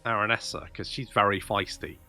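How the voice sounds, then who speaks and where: A man's voice: on the low side, brisk, sharp tone, faint music behind. A man commentating his own strategy game play, thinking aloud and muttering asides as he goes. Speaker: gameplay commentator.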